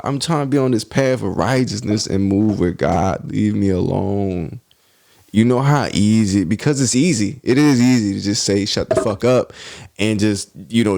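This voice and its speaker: A man's voice: lowish voice, gravelly, darkish tone, no room sound, studio quality. A man hosting a podcast, talking in a blunt, profane, passionate monologue about faith and self-improvement. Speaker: podcast host.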